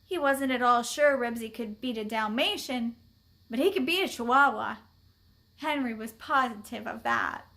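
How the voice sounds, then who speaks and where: A woman reading a children's book aloud, expressive and deliberate. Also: a little high. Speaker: story reader.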